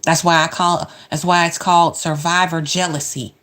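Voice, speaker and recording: A woman's voice: fairly low pitch, flat delivery, normal speed, a bit bright. Sassy woman commentating on show clips. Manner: sassy, emphatic, repeats words for emphasis. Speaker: reaction commentator.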